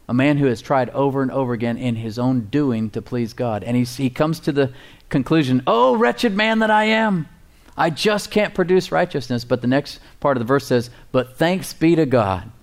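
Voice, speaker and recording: Animated preaching man. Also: mid-range voice, moderate pace. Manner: animated, emphatic, chuckles at his own points. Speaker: pastor and Bible teacher. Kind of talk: conversational sermon.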